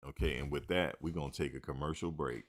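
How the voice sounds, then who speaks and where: Very deep-voiced man hosting sports talk. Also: fast. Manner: rambling, animated, joking, with slang. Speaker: sports show host. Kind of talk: casual sports talk commentary.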